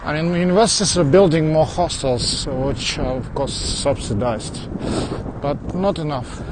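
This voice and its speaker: A man's voice: a little high, a little slow. Chatty foreign-accented man on a street walk. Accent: mixed foreign accent in English. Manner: chatty, answers viewers as he goes, with small laughs and restarts. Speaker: livestreamer. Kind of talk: casual walking livestream chat. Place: outdoors on suburban streets. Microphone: phone carried while walking. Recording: outdoor street noise with passing traffic.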